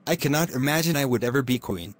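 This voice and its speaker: A man's voice: medium pitch, lively intonation, quick pace, natural voice. A man voicing a frightened young miller's daughter who pleads in a raised voice. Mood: worried.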